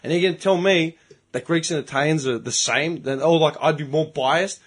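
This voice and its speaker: A middle-aged Australian man telling a story in casual podcast chat, animated and profane. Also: a little high, moderate pace. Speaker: podcast host.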